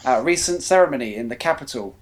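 A man's voice: medium pitch, expressive, quick pace. A man hosting a podcast, reading comic news stories aloud in a mock-announcer way, giggling and tripping over words. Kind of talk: comedic news-reading chat.

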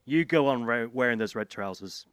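A man's voice: mid-range voice, expressive, moderate pace, fairly bright tone, clear, resonant tone, no echo. Playful man bantering on a podcast. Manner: playful, mock-campaigning. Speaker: podcast co-host.

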